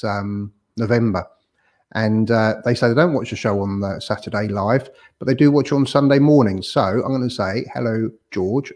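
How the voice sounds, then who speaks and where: A man's voice: medium pitch, darkish tone. A man hosting a casual property livestream from home, chatting and reading viewer comments aloud, with a camera microphone on a tripod close to his mouth. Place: home room in Tenerife.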